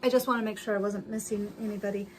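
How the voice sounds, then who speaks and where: Over the whir of a sewing machine, this woman talks fast in a mid-range, darkish voice with fairly even intonation. She hosts a relaxed sewing livestream, narrating each step to herself, chatting with viewers and laughing often, and the audio is noisy.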